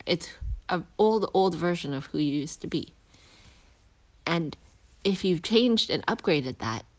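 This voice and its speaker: A woman, a healing practitioner and parent, gives a casual spoken lesson while walking outdoors to school, reflective and pausing, with restarts and hushed asides. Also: on the low side.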